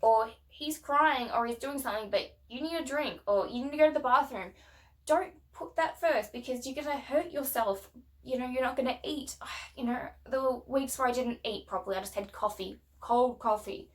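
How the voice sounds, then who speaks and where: A woman's voice: high voice, moderate pace. A young woman venting in a casual rant to camera, blunt and swearing often, emphatic and heated. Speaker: vlogger.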